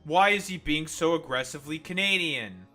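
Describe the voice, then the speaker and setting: A man's voice: fairly high pitch, lively intonation, moderate pace, sharp tone, soft background music. A man streaming in casual chat, teasing and swearing freely. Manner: crude, teasing, swears a lot.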